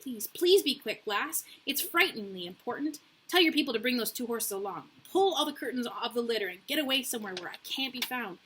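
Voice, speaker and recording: A woman reading as a determined young noblewoman fleeing home, in a storybook. Her voice is pitched up and bright, a bit husky, and she presses every word with urgency. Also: lively intonation, a little fast, few pauses. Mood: urgent. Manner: urgent, insistent, hushed.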